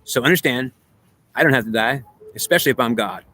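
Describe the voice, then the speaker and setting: A man talks through a long, rambling spiritual monologue, repeating his points and trading questions and answers with himself. His voice is bright and forceful, sitting at an ordinary male pitch. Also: fast talker. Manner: repetitive, circling back on his own points. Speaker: spiritual speaker.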